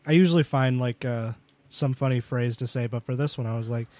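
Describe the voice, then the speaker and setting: A man's voice: medium pitch, a little fast, darkish tone, dry recording, clean studio sound. A young man casually telling rambling anecdotes with lots of fillers as a podcast co-host. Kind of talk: casual storytelling chat.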